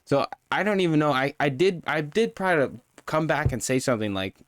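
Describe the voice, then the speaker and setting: A man's voice: on the high side, animated, fairly quick, no room sound. A man streaming live, ranting in a profane, heated, rambling way while reviewing a show.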